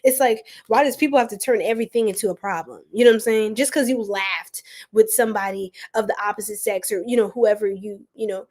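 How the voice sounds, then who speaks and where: A woman giving a casual livestream tarot and astrology reading, chatty and animated, laughing often and speaking to viewers as y'all. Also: medium pitch, fast talker, few pauses.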